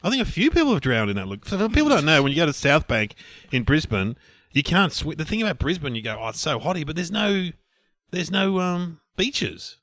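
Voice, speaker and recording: Aussie guy in his sixties, rambly storyteller, bright animated voice. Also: on the high side, fairly quick, no echo. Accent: Australian. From Australia. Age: 60s. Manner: rambling anecdotes with laughs and put-on voices. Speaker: podcast co-host. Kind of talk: casual chat, storytelling.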